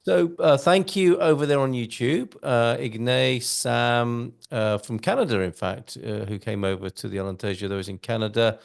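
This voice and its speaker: A man's voice: medium pitch, moderate pace, creaky, few pauses. A male live-stream host reading out viewer comments in a chatty, jokey way, with many fillers and hesitations.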